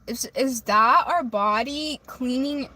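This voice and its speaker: A woman chats casually on a phone livestream from her car. She reads viewer comments aloud and answers them in a high, bright, sharp voice. Faint noise sits under the audio. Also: slow. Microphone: phone camera.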